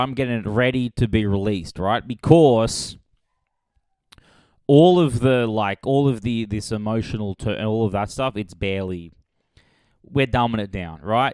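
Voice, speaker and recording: On his comedy podcast, a man meanders through a mock movie pitch with sarcastic, deadpan delivery punctuated by abrupt bursts of volume. The audio is smooth, echo-free and studio quality.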